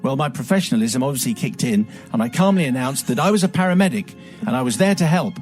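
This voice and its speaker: A man's voice: medium pitch, animated, fast, a little mellow, soft background music. A man hosting a radio show, reading a listener's letter aloud with wry, dramatic storytelling. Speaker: radio host.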